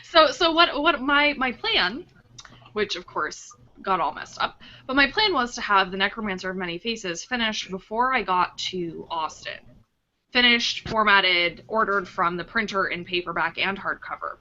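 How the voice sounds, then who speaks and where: A woman author hosting a casual video chat, telling a rambling, animated story with many restarts. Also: mid-range voice, normal speed. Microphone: video call. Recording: dull lo-fi video call audio.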